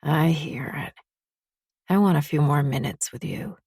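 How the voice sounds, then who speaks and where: Audiobook read: woman doing a gravelly, curt mafia boyfriend, low and dry, husky edge. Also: unhurried, warm tone, no room sound, heavily acted. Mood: drowsy. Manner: curt and commanding. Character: brusque tattooed male mafia lover.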